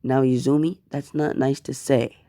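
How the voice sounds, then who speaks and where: A man voicing a gentle, worried mother who apologizes and scolds softly. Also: medium pitch, flat delivery, moderate pace, no echo, natural voice.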